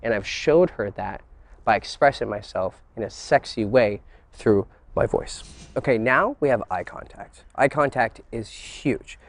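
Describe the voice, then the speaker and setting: Animated swearing man coaching. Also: medium pitch, unhurried, creaky. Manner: animated, mixes teacherly talk with excited crude jokes; swears casually. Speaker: dating coach. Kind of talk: instructional monologue.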